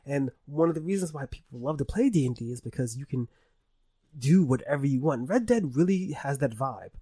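A tipsy man rambling excitedly in a casual podcast chat and swearing often. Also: medium pitch, a little fast, husky, no room sound. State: tipsy from drinking. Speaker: podcast co-host.

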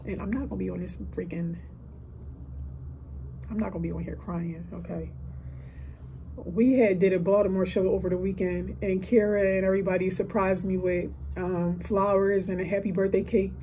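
A 30-year-old woman talks casually and from the heart on her solo podcast, pressing her points with emphatic energy. Her voice sits mid-range with a warm, mellow tone. Faint noise sits behind her in a quiet hotel room. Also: mid-range voice, steady tone, moderate pace, rough recording. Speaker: podcast host.

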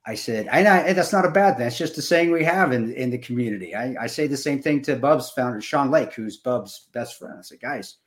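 A man in his fifties co-hosting a podcast, talking emotionally and haltingly with many restarts. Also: medium pitch, expressive. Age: 50s. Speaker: podcast co-host. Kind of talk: casual podcast chat.

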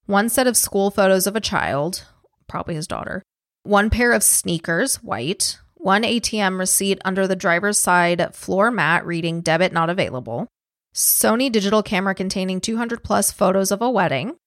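Woman podcast host, casual true-crime storytelling, swears freely, mid-pitched, dry close sound. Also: normal speed, no echo. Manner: profane, chatty, laughs easily.

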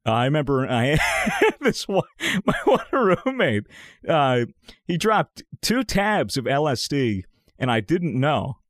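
A young man with a higher voice that jumps all over the place as he tells a story. He swears freely and acts out each line of dialogue. The recording is close and dry. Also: slow pace, no room sound. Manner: animated, swears a lot, acts out quotes. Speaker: podcast co-host. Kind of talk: casual chat, storytelling.

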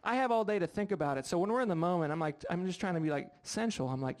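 A man's voice: high voice, expressive, very fast, few pauses. A young American man doing a stand-up comedy set, chatty and self-deprecating, bantering with the crowd. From United States. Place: live comedy show with audience.

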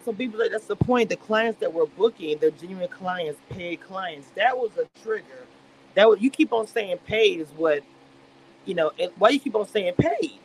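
High-voiced animated man recapping drama. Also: normal speed, a little hiss or hum, rough recording. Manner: animated storytelling, dramatic voicing of quotes; expressive, playful slang. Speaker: reality show recap host. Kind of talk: casual livestream recap chat. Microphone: livestream webcam mic.

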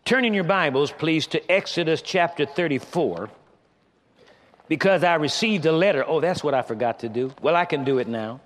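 A man's voice: a little high, lively intonation, normal speed, slight background noise. A male pastor preaching to his congregation in a conversational style, speaking to them directly. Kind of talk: sermon. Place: church sanctuary.

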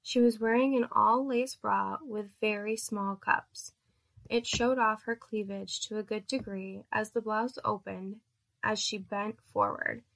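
A woman narrating an erotic story in a steady, measured reading voice. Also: mid-range voice.

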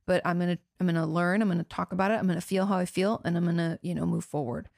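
A woman's voice: lowish voice, fairly even intonation, fast talker, gravelly, darkish tone, no echo, studio quality. A woman host and therapist talking through listener questions in an earnest, conversational way, full of "you know" asides. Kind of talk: casual advice talk answering listener questions.

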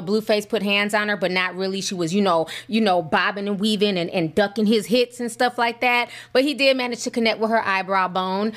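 Woman host, blunt chatty gossip commentary, mid-pitched voice. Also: fairly bright tone. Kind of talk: casual celebrity gossip commentary.

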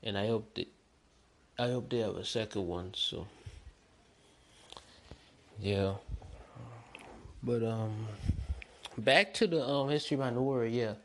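A young man hosting a solo podcast, chatting in a rambling, excitable, slangy way. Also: on the low side, a little slow, long pauses, a little hiss or hum. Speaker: podcast host. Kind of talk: casual solo podcast chat.

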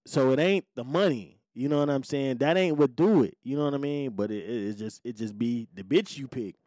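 A man's voice: medium pitch, fairly quick, mellow, no echo, clean studio sound. A man around forty, a podcast host, telling a personal story in a blunt, laid-back, profane way and often asking "you know what I'm saying". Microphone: podcast microphone.

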